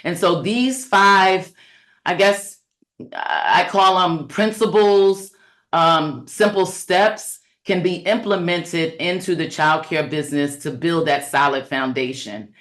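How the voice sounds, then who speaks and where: A woman's voice: on the low side, slow, fairly bright tone. A middle-aged woman coaching childcare owners in a webinar talk, earnest and conversational with many fillers, and preacherly as she cites scripture.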